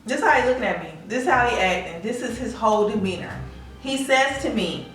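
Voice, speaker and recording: A woman's voice: on the high side, normal speed, far from the mic, soft background music. A woman telling a personal story in a casual storytime vlog, acting out what people said. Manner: animated, acts out quoted lines. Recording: echoey room, away from the mic.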